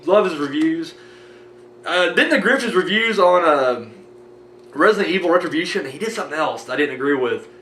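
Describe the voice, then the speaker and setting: A man's voice: on the high side, animated, normal speed, a bit bright, reverberant, a little hiss or hum. An American man rambling casually with many fillers while thanking his viewers in a vlog. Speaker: movie review vlogger.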